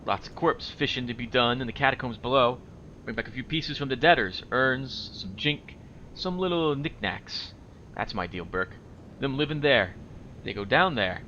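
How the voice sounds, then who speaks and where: Casting note: a man reading a suspicious, grimy male junk dealer, clipped lines tagged with "huh", bright tone. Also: medium pitch, lively intonation, moderate pace, muffled recording, a little hiss or hum. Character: filthy, wheezing, suspicious male corpse trader.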